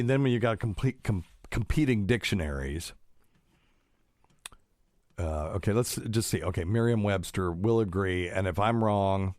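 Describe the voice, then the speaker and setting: Middle-aged male podcast host, very low voice, dry close mic, rambling and pedantic. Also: darkish tone, no room sound. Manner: rambling, pedantic, many fillers. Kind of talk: casual solo podcast talk.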